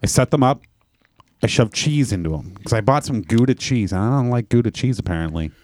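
Animated man telling a story. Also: mid-range voice, brisk. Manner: animated storyteller, acts out his own shouts. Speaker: podcast co-host. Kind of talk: casual chat, storytelling.

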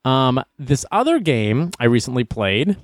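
A young man hosting a comedy news show, joking and rambling through stories with quick asides. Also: mid-range voice, sing-song, dry recording, clean studio sound. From Boston area. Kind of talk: casual comedic news commentary.

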